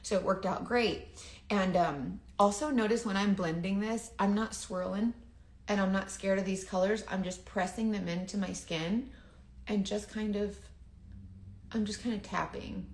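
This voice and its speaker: A woman's voice: medium pitch, steady tone, unhurried, gravelly, roomy sound. A woman who chats casually while doing her makeup, rambling, confiding and often trailing off. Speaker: makeup seller and vlogger.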